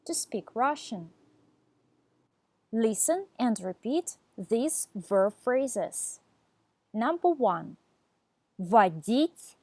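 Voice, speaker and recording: Woman, language teacher, scripted lesson read slowly, fairly high and expressive, dry studio sound. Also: no room sound. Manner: deliberate, enunciating each word for learners.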